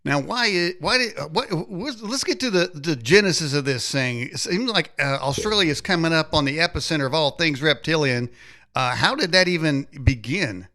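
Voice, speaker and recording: A male talk show host who jokes around and speaks haltingly, restarting his sentences. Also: on the high side, expressive, pushed and bright. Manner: halting, joking, many restarts. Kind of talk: casual interview talk.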